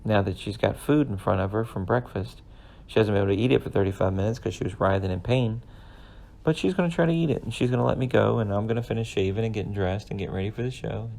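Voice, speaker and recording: A man's voice: lowish voice, quick pace, creaky, a little mellow. A man in his thirties, a podcast host, telling an earnest, rambling personal story in a casual way. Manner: rambling, earnest, emotional at times.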